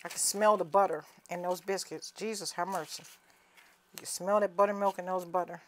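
A woman's voice: fairly low pitch, fairly even intonation, brisk, a little hiss or hum. A woman with a Southern US accent, chatting folksily through a home cooking demonstration and calling viewers honey and cousin.

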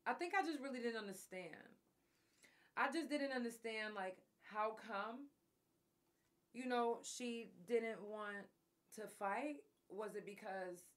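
Candid woman telling a personal story. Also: fairly high pitch. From Oklahoma. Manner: candid, profane, emotional storytelling. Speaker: podcast host.

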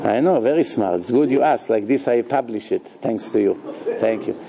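A man, a rabbi, giving a live Torah lecture in a lively, joking way, questioning his listeners and sprinkling in Hebrew terms. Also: mid-range voice, normal speed, a crowd in the background.

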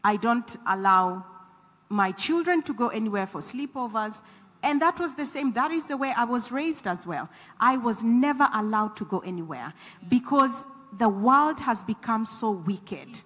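A woman with a fairly high, fairly bright voice preaches at normal speed with lively intonation. Teaching scripture in a church hall, she exhorts earnestly and repeats phrases for emphasis, and the hall sounds echoey.

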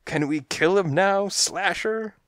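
A man's voice: sits high, slow pace, a bit bright, clean tone, pitched above the performer's own voice. A man reading an audiobook, voicing a dim, eager henchman alley cat. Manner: eager, pushy. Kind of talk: audiobook character voice.

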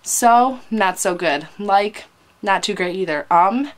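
A young woman vlogging at home to a webcam, rambling and gushing excitedly with lots of "like", a little teary. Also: mid-range voice, slow. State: teary from crying. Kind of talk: casual fan vlog. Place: indoors at home, hot room.

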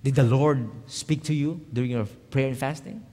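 A man, a pastor telling a personal story in a sermon, swinging from hushed lines to loud emphatic ones. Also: mid-range voice, fairly even intonation, normal speed. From Philippines. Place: church hall. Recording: reverberant church hall.

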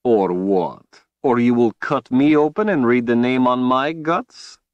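A man voicing a cruel, menacing male tyrant wizard in an audiobook, speaking slowly and tauntingly. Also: on the low side, sing-song, dry recording, dull audio, voice pushed up. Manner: slow, taunting, drawn-out delivery. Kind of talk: audiobook character voice.

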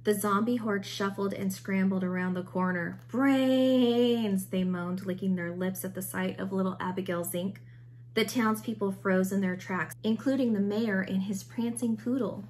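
Woman teacher, picture-book read-aloud, expressive storytelling, middle-pitched voice. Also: normal speed, slight background noise.

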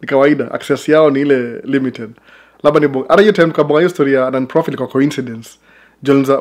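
Fast-talking Kenyan man vlogging. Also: mid-range voice, fairly even intonation, darkish tone. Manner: chatty, rambling asides with laughs. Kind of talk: casual chat to camera.

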